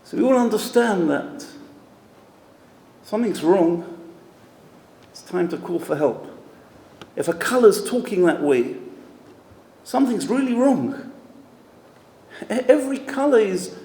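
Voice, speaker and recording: A man's voice: high voice, darkish tone. A man, a rabbi, giving an emphatic, storytelling talk at an event. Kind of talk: sermon-style talk at an event. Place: event hall. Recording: echoey hall with long reverb.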